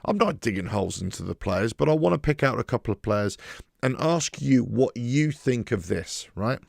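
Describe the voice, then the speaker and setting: A man's voice: mid-range voice, expressive, moderate pace, gravelly, no echo, studio quality. A man hosting his own football channel, giving an emphatic, frustrated solo commentary. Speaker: football fan channel host.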